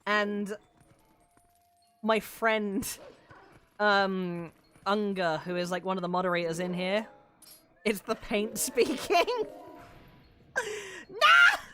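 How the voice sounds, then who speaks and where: A woman's voice: mid-range voice, slow, pauses often. A woman streamer chatting casually while she plays a game, rambling and swearing freely with lots of fillers, in a voice she calls androgynous. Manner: rambling and profane, with many fillers.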